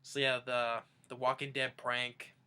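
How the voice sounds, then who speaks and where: A young man casually recounting favorite videos in a rambling, halting way, restarting sentences as he goes. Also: medium pitch, flat delivery, sharp tone, clear, resonant tone. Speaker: fan vlogger. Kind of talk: casual countdown retelling.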